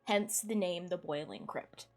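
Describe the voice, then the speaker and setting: Relaxed woman game master narrating. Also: on the low side, measured pace. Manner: relaxed, meandering scene description.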